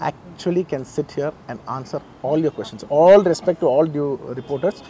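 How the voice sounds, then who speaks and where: A man's voice: fairly high pitch, fairly quick, hardly any pauses, warm tone. A middle-aged man with a Telugu accent, speaking at a press meet in a garden, giving an emotional statement and insisting on his point with many repeated phrases. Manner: earnest, insistent, repeats himself. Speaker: actor at a press conference.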